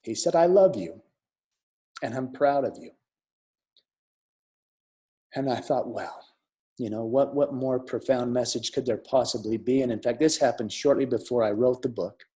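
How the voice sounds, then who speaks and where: A middle-aged man telling a personal story in an earnest, reflective way, with restarts and soft drops in volume. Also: medium pitch, steady tone, moderate pace, pauses often. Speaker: speaker sharing a near-death experience. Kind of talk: personal storytelling talk with audience questions. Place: online summit talk.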